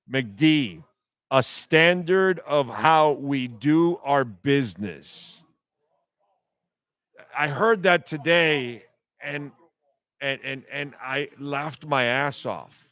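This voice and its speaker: Male sports talk host, heated profane rant, slow delivery, smooth voice, dry sound. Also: medium pitch, a bit bright, no echo. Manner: blunt, heated, profane, repetitive jabs. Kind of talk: ranting sports talk monologue.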